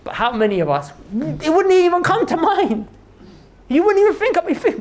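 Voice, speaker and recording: A man preaching to an audience in a mosque hall, telling a story with lively delivery. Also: very high-pitched, a little fast. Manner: animated storyteller, addresses audience as brothers. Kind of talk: storytelling sermon.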